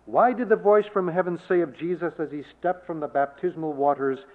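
Preacher man through a tinny line. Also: fairly high pitch. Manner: measured, rising to emphatic declarations. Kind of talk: sermon on preaching. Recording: tinny phone-like sound.

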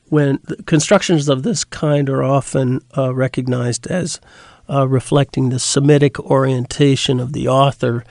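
A man lecturing slowly and haltingly, full of fillers and restarts, and leaning hard on the Greek words. His voice has a gravelly edge, and the recording is dry and close. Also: medium pitch, a little mellow, no room sound. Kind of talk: unscripted lecture.

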